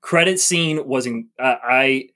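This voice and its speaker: A man's voice: medium pitch, unhurried, pushed and bright. Wry man giving a film review. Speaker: podcast co-host. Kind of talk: casual film review chat.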